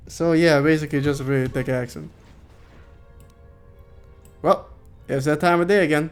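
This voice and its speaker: A male streamer chats casually with his viewers while he plays. His voice sits a little high, and he jokes around and swears freely. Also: steady tone, normal speed, pauses often, clear, resonant tone, faint music behind. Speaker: game streamer.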